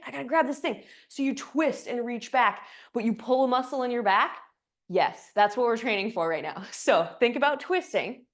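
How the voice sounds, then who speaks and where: Yoga teacher, woman, on the higher side, jokey and chatty between cues, a bit winded. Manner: playful, chatty, jokey asides. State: slightly out of breath. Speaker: yoga instructor. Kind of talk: guided yoga class cues. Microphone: clip-on mic, sometimes moved off.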